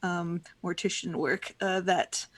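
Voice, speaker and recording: A woman playing a tabletop role-playing game, describing her character hesitantly with many pauses and ums. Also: lowish voice, steady tone. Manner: hesitant, full of uh and um. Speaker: player.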